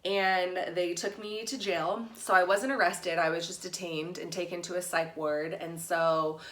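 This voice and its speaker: A woman's voice: on the low side, steady tone, unhurried, a bit bright, reverberant. A woman vlogger telling a story to camera in a casual, blunt way, full of "like" and swearing. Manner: chatty, peppered with "like", blunt and profane. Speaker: YouTube vlogger.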